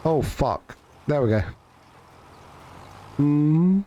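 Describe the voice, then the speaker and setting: A man live-streams a farming game, chatting casually with viewers, joking, swearing and restarting often as he rambles. His voice is on the high side, animated, very slow and mellow, with lo-fi sound and slight hiss or hum.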